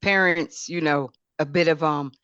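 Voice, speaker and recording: A woman's voice: deep voice, fairly even intonation, measured pace, fairly bright tone, smooth, no room sound, highs cut off. A woman speaking as a podcast guest, emphatic and preacherly, repeating her points with rising and falling emphasis. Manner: emphatic, repeats words, preacherly rise and fall. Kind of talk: impassioned talk.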